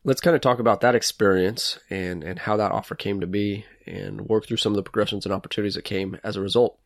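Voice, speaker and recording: A man hosting an interview, asking his questions in a measured, explanatory way. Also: lowish voice, fairly even intonation, creaky, no room sound, clean studio sound. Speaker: host, horse trainer. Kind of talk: interview host.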